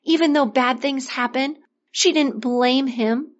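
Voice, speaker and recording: A woman's voice: sits high, measured pace. Woman telling a children's sermon story. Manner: gentle, expressive storytelling with questions to listeners. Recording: dull lo-fi recording.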